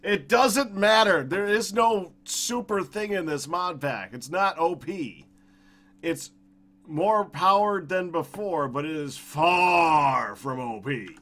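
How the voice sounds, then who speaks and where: Slow-talking man, slightly higher voice, dry wit. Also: expressive, a bit bright. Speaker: gamer co-host. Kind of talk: casual gaming chat.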